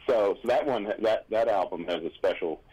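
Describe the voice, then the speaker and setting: A man's voice: lowish voice, normal speed, warm tone, slightly rough, muffled recording. A man chatting casually on a radio show, telling rambling anecdotes full of restarts and asides.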